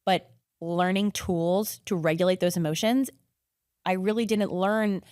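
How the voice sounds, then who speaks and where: A young woman on a podcast speaks in a lowish voice, rattling along casually and peppering her talk with "like" and "you know what I mean." Her voice sits close to the mic, dry, with no room sound around it. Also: steady tone, unhurried, a little mellow, clear, resonant tone, dry recording. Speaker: podcast guest. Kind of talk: casual conversation.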